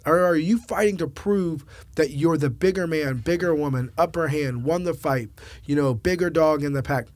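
Emphatic pastor, man, slightly high voice. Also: moderate pace, dry recording. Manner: emphatic, preacherly, joking asides. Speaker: pastor, podcast co-host. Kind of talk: preaching-style discussion.

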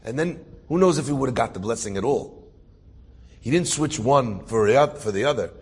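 Male preacher-storyteller, husky and gravelly, lively delivery acting out characters. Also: mid-range voice, a little fast. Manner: animated storytelling, voices characters, rising to emphatic preaching. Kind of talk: inspirational story sermon.

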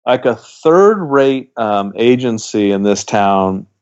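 A man's voice: lowish voice, lively intonation, slow pace, darkish tone, clean tone, no room sound, muffled recording. A man co-hosting a podcast, adding wry, dry joking asides. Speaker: podcast co-host. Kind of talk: casual podcast chat.

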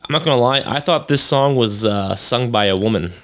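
A man with a middle-pitched voice co-hosts a casual podcast. He jokes, tells stories and laughs easily. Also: a bit bright. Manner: joking, storytelling, quick laughs. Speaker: podcast co-host. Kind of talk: casual chat.

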